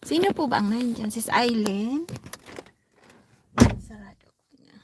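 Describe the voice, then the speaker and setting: A woman with a Filipino accent chatting on a live stream from inside a parked car, soft-spoken and often dropping to a near whisper. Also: a little high, animated, a little slow, long pauses, background noise. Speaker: vlogger hosting a live stream. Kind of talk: casual live-stream chat with viewers.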